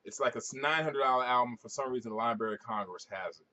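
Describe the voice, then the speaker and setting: A man, a record-collecting vlogger, telling stories to camera at home in an animated, profane way with frequent restarts. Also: medium pitch, fast talker. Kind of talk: casual storytelling to camera.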